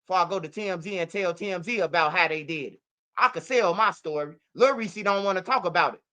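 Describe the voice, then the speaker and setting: Fairly low in pitch and quick in pace, a woman from Chicago runs her channel and narrates stories with animation, profanity, and lots of repetition in relaxed livestream commentary.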